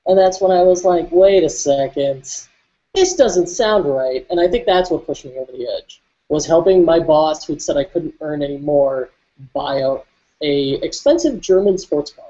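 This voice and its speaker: Dark-voiced man telling his story candidly. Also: a little high, normal speed, muffled recording. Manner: candid and reflective, with frequent fillers and restarts. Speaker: podcast guest. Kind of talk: candid storytelling in a podcast interview.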